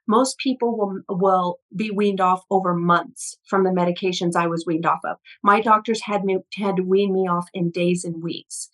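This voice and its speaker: A middle-aged woman guest tells her story in an animated, storytelling way. She often restarts her sentences and acts out what other people said. Her voice sits at an ordinary middle pitch. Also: rough recording. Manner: animated, quick, many restarts, quotes people. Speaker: energy healer guest. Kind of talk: conversational storytelling interview.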